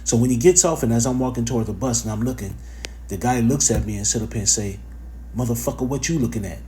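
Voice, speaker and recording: A man delivers a casual religious lesson in an easygoing, profane way, with plenty of fillers. His pitch sits in the middle range for a man. A faint background ambience lingers under his voice. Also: fast, mellow, a little hiss or hum. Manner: informal, profane, conversational, with many fillers and repeated phrases. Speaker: religious teacher giving a lesson.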